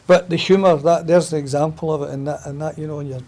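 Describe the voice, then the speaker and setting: A man's voice: on the high side, fairly even intonation, quick pace, darkish tone. A Scottish man chatting as a guest, telling stories at length and saying "aye" a lot. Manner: chatty storyteller, says "aye" often. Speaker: guest comedy writer promoting a play. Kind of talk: casual chat.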